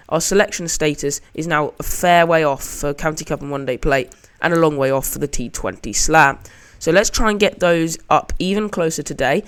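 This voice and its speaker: A man's voice: on the high side, a bit bright, smooth. A man giving casual, chatty commentary over his own gameplay as a channel host, narrating each shot as he plays it.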